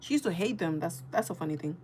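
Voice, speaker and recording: A woman's voice: lowish voice, fast talker, slight background noise. A young woman hosting a casual livestream, greeting her chat and telling a long story with lots of fillers. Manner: rambling, animated storytelling with many fillers. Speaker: livestream host.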